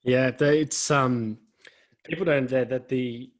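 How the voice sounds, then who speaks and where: A man's voice: medium pitch, fairly even intonation, slow pace. A man from Australia hosting a podcast, asking long, rambling, friendly questions full of fillers. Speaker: podcast host. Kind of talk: casual podcast interview.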